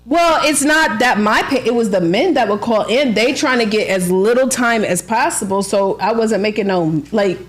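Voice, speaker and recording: A woman who is an author and book coach, chatting as a podcast guest, full of fillers and quick to laugh. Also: fairly high pitch, soft background music. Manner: chatty storyteller, lots of "like" fillers, laughs often. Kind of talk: casual interview chat.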